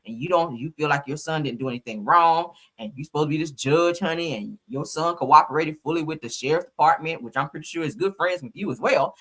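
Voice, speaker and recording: A woman's voice: lowish voice, animated, brisk, a bit bright. Sassy woman commentary host. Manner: sassy, talks straight to the viewer with "girl" and "honey". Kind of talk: casual reaction commentary.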